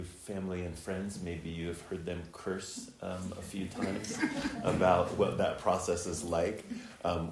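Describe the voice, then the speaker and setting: A middle-aged man giving a dharma talk as Zen teacher and preceptor, reflective and unhurried, with many ums and uhs. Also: low-pitched, darkish tone, slight background noise. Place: temple hall. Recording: echoey temple hall, faint ambience.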